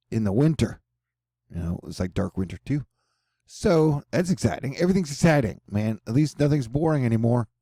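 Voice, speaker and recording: A man with a mellow, warm voice gives a casual weather forecast over a map. He rambles, drops jokes and slang asides, and sounds offhand. The recording is dry and close. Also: mid-range voice, no room sound. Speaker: weather channel host.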